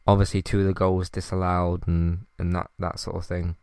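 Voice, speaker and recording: A man hosts a casual solo podcast in a fairly low, smooth voice, recorded close and dry. He rambles in frustration, sighing often and restarting his sentences. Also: flat delivery, moderate pace, a little mellow, dry recording. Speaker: podcast host.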